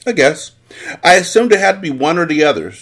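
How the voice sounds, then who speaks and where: Man voicing an arrogant count, curt, superior, raised pitch, storybook reading. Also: animated, quick pace, fairly bright tone. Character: imposing, arrogant nobleman, a count.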